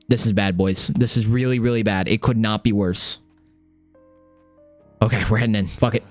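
A young man giving casual live gameplay commentary, excitable and swearing often, repeating phrases under pressure. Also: fairly low pitch, moderate pace, pauses often, faint music behind. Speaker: gaming streamer.

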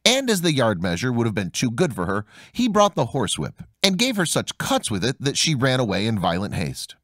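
A man narrating a fairy tale audiobook in an expressive storytelling manner. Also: medium pitch, fairly quick, no room sound, clean studio sound. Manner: expressive storytelling, voicing each character.

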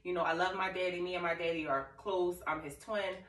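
A woman's voice: fairly low pitch, steady tone, a little fast, a bit bright. A young woman vlogging to camera, telling an emotional, rambling story in casual talk. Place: living room. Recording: echoey room, far from mic.

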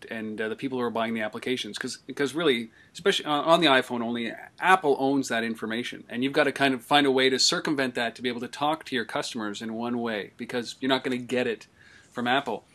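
A man's voice: mid-range voice, fairly bright tone. A man hosting an interview. He thinks aloud in a hesitant way, with many fillers. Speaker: interviewer, host. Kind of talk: casual interview talk.

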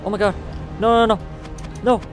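A man's voice: sits high, normal speed. Young male gamer, hyped and cocky, narrating his own match; keep faint music under it. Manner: excitable, trash-talking, laughs often. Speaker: gaming YouTuber. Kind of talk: casual gameplay commentary.

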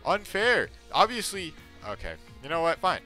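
A man commentating on a video game playthrough in a playful, jokey way with bursts of loud excitement. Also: a little high, normal speed, soft background music. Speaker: gaming streamer. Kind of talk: let's play commentary.

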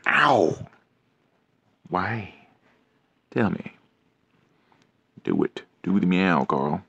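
A deep-voiced man with a rough, gravelly texture keeps pestering his cat in a slow, drawn-out way. The sound is dull and lo-fi but close and dry. His tone stays teasing and nagging throughout. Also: sing-song, a bit bright, dry recording. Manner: teasing, nagging, repeats himself. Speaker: pet owner filming his cat. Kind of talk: casual teasing vlog.

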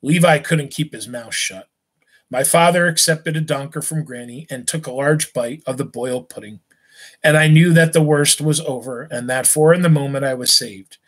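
A male teacher reading a novel aloud to his class, steady and unhurried, now and then stumbling and restarting a word. His voice sits a little high for a man.

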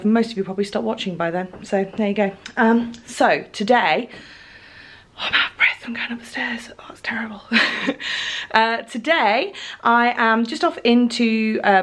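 Bubbly young woman vlogging. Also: mid-range voice. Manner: chatty, bubbly, giggly. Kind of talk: casual vlog chat. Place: home, then a shop fitting suite.

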